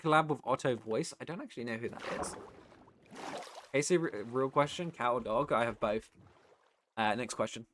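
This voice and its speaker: A man's voice: mid-range voice, moderate pace, pauses often, fairly bright tone, slight background noise. A man from the United Kingdom chatting casually on a live stream, reading chat aloud and rambling with the odd swear. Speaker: streamer and voice actor.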